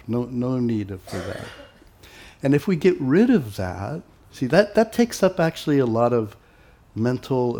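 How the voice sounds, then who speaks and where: Relaxed and conversational, a monastic teacher shares spiritual thoughts with his devotees in a medium-pitched voice. He acts out quoted exchanges and leaves plenty of pauses along the way.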